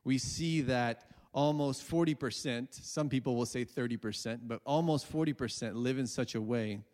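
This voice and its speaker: A man's voice: medium pitch, moderate pace, darkish tone. Earnest male preacher in a reverberant hall. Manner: earnest, retelling a story with quoted dialogue. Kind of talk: sermon storytelling.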